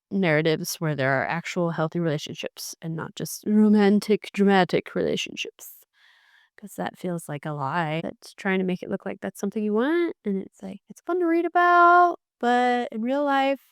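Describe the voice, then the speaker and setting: Young woman ranting about a book, smooth voice, wry, dry close mic. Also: mid-range voice, no room sound. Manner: animated, wry, restarts sentences. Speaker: book reviewer. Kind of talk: casual book review chat.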